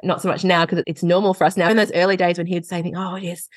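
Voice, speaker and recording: A woman, a parenting educator and podcast guest, telling lively stories and laughing often. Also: on the low side, fast, no echo, clean studio sound. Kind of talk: casual podcast conversation.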